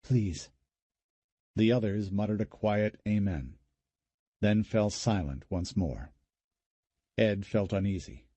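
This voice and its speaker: Male audiobook narrator, low, husky, dry close read, measured. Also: no echo. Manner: measured, even storytelling. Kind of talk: scripted narration.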